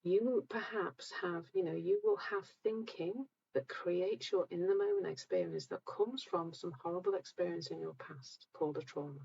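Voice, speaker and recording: A calm, gentle woman hosting a live session, talking reassuringly to viewers while sounding a bit tired. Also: on the low side, normal speed, creaky, hardly any pauses, husky, highs cut off. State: tired, low energy. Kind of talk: live-stream talk answering viewer comments.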